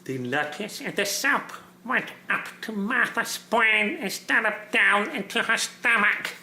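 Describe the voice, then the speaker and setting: A chirpy, childlike sock puppet reads a storybook in a slow, sing-song lilt, as a man puts it on. The tone is bright and edgy with a gravelly catch, and the echoey room at home rings around it. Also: high voice, expressive, full character voice. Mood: playful. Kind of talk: reading a picture book aloud.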